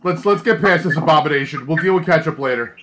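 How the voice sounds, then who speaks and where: A man hosting a casual chat, joking and cursing freely as he steers things along. His voice sits a touch high for a man. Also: quick pace, a bit bright, a little hiss or hum. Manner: joking, swears freely, runs the segment. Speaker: podcast host.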